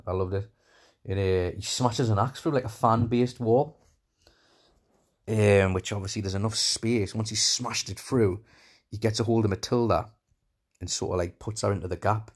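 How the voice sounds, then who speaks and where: A man's voice: on the low side, fairly even intonation, normal speed. A man casually retelling a film's plot scene by scene, rambling with many fillers and enthusiastic asides. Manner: enthusiastic, calls scenes "class". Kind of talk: casual film recap.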